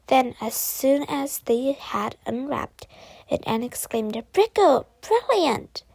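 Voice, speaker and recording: A woman reading a children's book aloud slowly and carefully, with the odd small stumble. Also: on the high side, fairly even intonation, darkish tone, no room sound, low-quality recording. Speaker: storybook reader.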